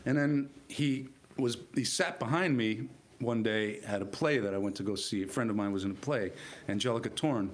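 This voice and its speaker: A middle-aged man, an actor guest, telling stories in a lively, expressive way. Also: lowish voice, moderate pace. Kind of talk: casual storytelling.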